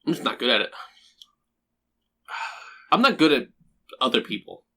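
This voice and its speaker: A man's voice: medium pitch, very animated, takes it slowly, bright, forceful tone, husky. A young man co-hosting a podcast, cracking dry, self-deprecating jokes. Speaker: podcast co-host. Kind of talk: casual chat.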